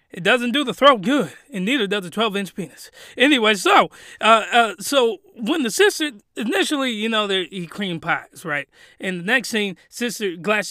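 A young man rambling through a comedic recap, animated and often laughing. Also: high voice, dry recording, studio quality. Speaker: youtuber.

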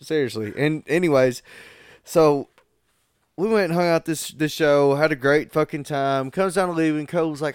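A man's voice: a little high, normal speed, clear, resonant tone, no echo, studio quality. A young man, casually telling a profane, laid-back story on a podcast. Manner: profane, laid-back, laughs through stories. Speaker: podcast host.

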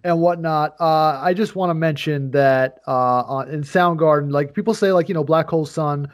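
A man's voice: a little high, moderate pace. A man co-hosting a casual podcast, rambling and joking through his points with many fillers and restarts. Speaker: podcast co-host. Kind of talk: casual chat.

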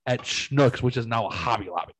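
A man's voice: mid-range voice, fairly quick, breathy edge, no echo, rough recording. Man, thirties, podcast host, casual chat, profane storyteller, dry close mic. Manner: profane, storytelling, acts out quoted voices.

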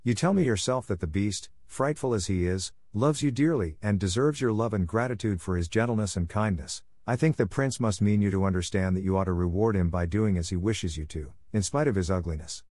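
A man voicing a thoughtful older father giving calm advice in a storybook. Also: on the low side, no echo, studio quality, close to an everyday voice. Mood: advising. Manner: measured, considered.

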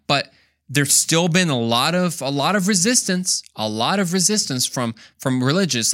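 A man's voice: a little high, animated, moderate pace, fairly bright tone, dry recording, studio quality. A young man hosting a Christian podcast, talking casually with jokey, slangy asides. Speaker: podcast host.

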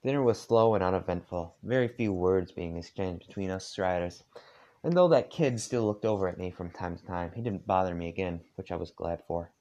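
A man's voice: sits low, fairly quick, mellow, muffled recording. Man casually reading fanfic aloud. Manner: rambling, with many fillers. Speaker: fanfic reader.

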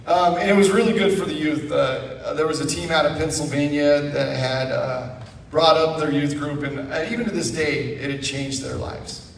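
A man giving a guest testimony at church, animated and self-mocking, acting out the people in his story. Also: a little high, moderate pace, vocal fry, a little hiss or hum. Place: church sanctuary. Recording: echoey church hall from far off.

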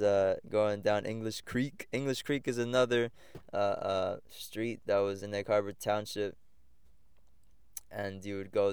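Young american guy rambling about growing up, lowish voice, super clean and dry sound. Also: clear, resonant tone, no echo. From United States. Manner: rambling and reflective, many fillers and restarts. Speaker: podcast host. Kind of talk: casual personal storytelling.

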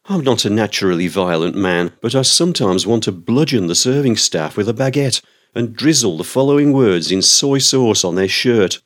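A man's voice: fairly low pitch, animated, moderate pace. An older man delivering an indignant, exasperated comic rant about the misuse of words, with a theatrical delivery. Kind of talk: scripted comic rant on language.

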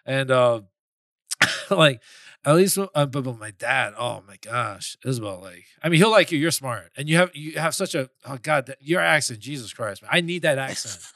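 A man's voice: medium pitch, lively intonation, normal speed, sharp tone, no echo, studio quality. A young man from Queens, New York, chatting as a podcast guest, joking, laughing often and cursing, then apologizing. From Flushing, Queens, New York. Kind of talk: casual chat.

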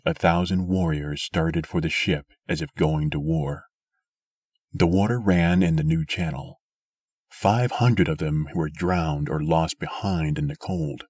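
Deep husky male storyteller. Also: no echo. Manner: steady, measured storytelling. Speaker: narrator. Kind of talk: scripted audiobook narration.

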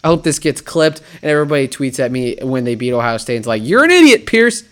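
A man's voice: mid-range voice, quick pace, clear, resonant tone. A man hosting a solo sports talk show, riffing and mocking himself with lots of rhetorical questions. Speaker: sports podcast host.

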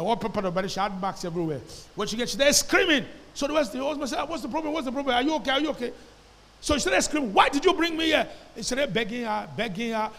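A man's voice: high voice, a bit bright. A man preaching a sermon as pastor, telling a story and calling on the congregation to repeat phrases after him. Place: church hall. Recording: long hall reverb.

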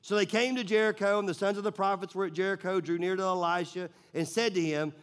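A man's voice: high voice, steady tone, fast talker, clear, resonant tone. A man preaching a sermon in a casual, conversational way, telling stories with lots of filler words. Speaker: pastor.

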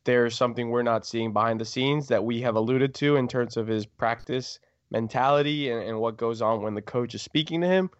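A man's voice: mid-range voice, brisk, no room sound. A man co-hosting a sports podcast, giving short matter-of-fact opinions. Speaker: podcast co-host. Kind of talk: casual sports chat. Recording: dry, dull lo-fi sound.

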